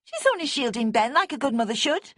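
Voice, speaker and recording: An earnest young shop girl with a high, eager voice, as a woman narrator puts her on. She jumps in quickly to defend people, and her voice has a slightly husky, breathy edge. The storybook reading is close and dry. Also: sing-song, no echo. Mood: indignant. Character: young female shop assistant, earnest, protective.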